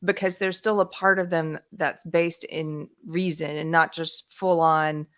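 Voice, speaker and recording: A woman's voice: low-pitched, fairly even intonation, a little slow, a bit bright. A woman hosting a casual political talk show, agreeing readily with her guest and reading posts aloud. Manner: agreeing often, reads quotes aloud. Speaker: host.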